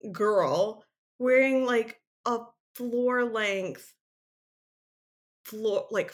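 A woman co-hosting a podcast, casually recapping a TV episode with lots of "like" fillers and laughs. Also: fairly high pitch. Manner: animated storytelling, many "like" fillers, frequent laughs. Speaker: podcast co-host.

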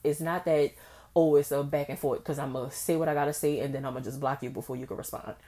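Young woman, low voice, candid podcast rambling, acts out convos. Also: fast talker. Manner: candid and expressive, acts out past conversations in a high voice. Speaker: podcast host. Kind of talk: casual solo podcast monologue.

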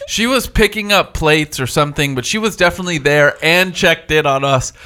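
A young man recounting a story in casual chat, animated and quick to jump in. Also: a little high, smooth.

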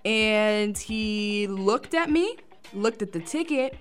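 A young woman co-hosting a podcast, telling a story in animated casual chat and acting out what people said. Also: mid-range voice, slow pace, smooth, faint music behind. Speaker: podcast co-host.

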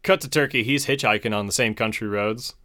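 A man's voice: on the low side, fairly quick, bright, forceful tone. A man casually recapping a movie plot on a podcast, laid-back and profane, chuckling as he goes. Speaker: podcast host.

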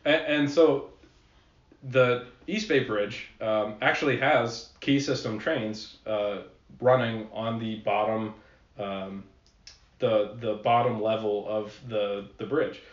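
A man's voice: lowish voice, steady tone, slow, recorded from a distance. A man telling transit history on a casual podcast, rambling with fillers and the odd swear. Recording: echoey room, slightly dull sound.

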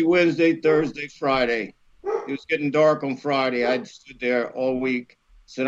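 A middle-aged male actor telling a career story on a podcast, animated and loose, jumping into the high voices of the people he quotes. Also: slight background noise. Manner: animated, acts out the women he quotes in a raised voice. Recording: slightly dull lo-fi sound.

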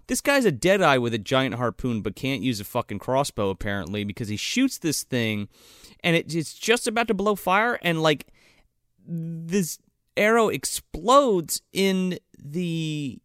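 A man riffs through a movie plot in casual chat, cursing freely and breaking into laughter. His pitch swings widely as he talks. The recording is dry and close. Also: animated, measured pace, a bit bright, dry recording. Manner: profane, laughs a lot, acts out scenes in a low gruff voice. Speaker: podcast co-host.

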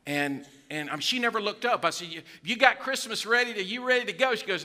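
A male pastor, preaching a sermon with animated storytelling and acted-out quotes. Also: high voice, brisk, few pauses.

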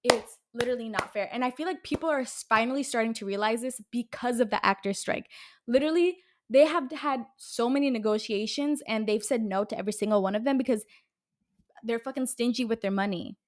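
A Californian woman in her twenties hosts a solo podcast, ranting heatedly in a casual way. Her pitch is fairly high and her pace brisk, and she swears and leans heavily on fillers.

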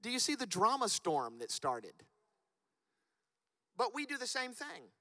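A man preaching a sermon as pastor, animated and rising to loud, emphatic peaks. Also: very high voice, a little slow. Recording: long reverb of a church hall.

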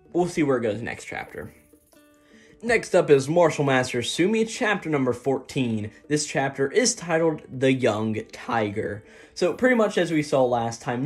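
A man's voice: mid-range voice, darkish tone. A man casually recapping manga chapters in a rambling way, with lots of fillers, and paraphrasing the characters' lines in light voices. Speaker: host.

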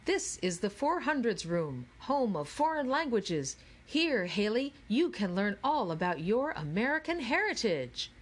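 A woman voicing a booming, jolly announcer heard from ceiling speakers in an audiobook. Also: very animated, a little slow, few pauses. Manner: cheerful, booming.

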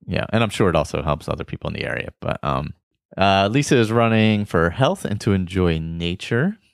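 A man hosting a casual podcast, reading out listener shout-outs in a relaxed, rambling way with many fillers. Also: deep voice, fairly quick, vocal fry, clear, resonant tone, no room sound, clean studio sound. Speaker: podcast host.

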